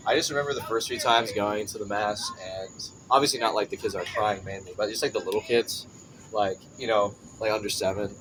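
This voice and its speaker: A man's voice: on the low side, steady tone, fairly quick. A man in his twenties hosting a podcast, chatting casually, joking and laughing often. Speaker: podcast host. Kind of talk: casual chat. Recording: clear background noise.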